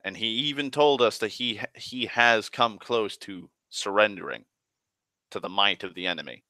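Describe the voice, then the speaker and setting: A man voicing a calm, fatherly male elf god who speaks in a quiet, measured, patient way while retelling a tabletop game. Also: fairly low pitch, dry recording. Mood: explaining.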